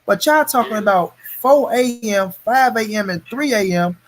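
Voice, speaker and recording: High-voiced man ranting hard about boxing. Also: expressive, moderate pace. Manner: profane, heated ranting. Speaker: host of a boxing talk stream. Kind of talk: casual live-stream boxing chat.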